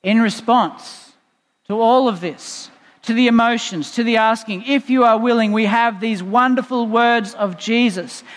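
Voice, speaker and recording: A man's voice: extremely high pitch, unhurried, a bit bright. A male pastor preaching a sermon in a church, explaining in a conversational way with playful asides. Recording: long reverb in a church hall.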